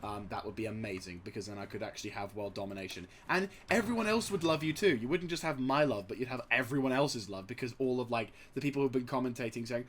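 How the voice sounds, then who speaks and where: A man casually commenting on a strategy game, rambling and excitable, swearing freely and chuckling at his own jokes. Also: mid-range voice, fast talker. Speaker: gaming channel host.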